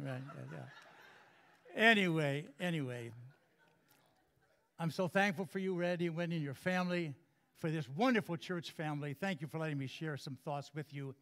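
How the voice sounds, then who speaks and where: A man's voice: fairly high pitch, moderate pace, pauses often, fairly bright tone. A man preaching as a guest speaker to a congregation, telling a joke story in a folksy way and often repeating his words. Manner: folksy storyteller, repeats and restarts words, chuckles at own jokes. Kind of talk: sermon with a humorous story. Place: church before a congregation.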